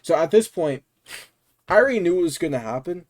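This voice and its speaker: A man's voice: a little high, lively intonation, fairly quick. Man, casual storytime, slangy, emphatic, exasperated outbursts. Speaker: streamer telling a story.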